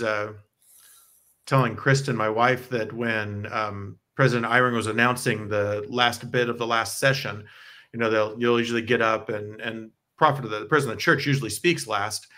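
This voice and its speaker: A man's voice: mid-range voice, bright, forceful tone. An American man co-hosting a casual chat about church talks, explaining things at length and laughing often, speaking from home. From United States. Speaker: podcast co-host. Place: home in Provo, Utah.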